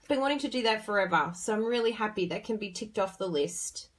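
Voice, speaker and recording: A woman's voice: mid-range voice, lively intonation, fast. An Australian woman hosting a casual craft tutorial, chatty and bubbly as she talks through each step while working with her hands.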